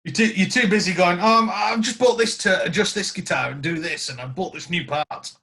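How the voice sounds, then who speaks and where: A man's voice: high voice, fairly quick. A man, a guest guitarist, telling stories in casual podcast chat and acting out the quotes. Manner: animated storyteller acting out quotes.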